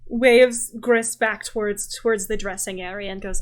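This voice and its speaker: A woman runs a tabletop game, describing scenes and slipping into characters' lines. She talks in a relaxed, chatty way, with plenty of fillers. Her voice sits at an ordinary pitch for a woman. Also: moderate pace, few pauses. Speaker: game master.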